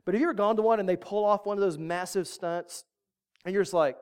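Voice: medium pitch, quick pace, a little mellow, clear, resonant tone. A pastor giving a casual, joking sermon that walks the congregation through a Bible reading.

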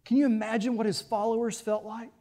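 A man preaching a sermon, reading scripture aloud and then preaching on it, swelling loud on key phrases and dropping low. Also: flat delivery, fast talker. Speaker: pastor.

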